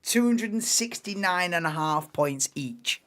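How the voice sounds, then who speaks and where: A man's voice: sits high, lively intonation, measured pace, a bit bright. A man hosting a live watchalong, casual banter-heavy commentary that swears and laughs at his own jokes.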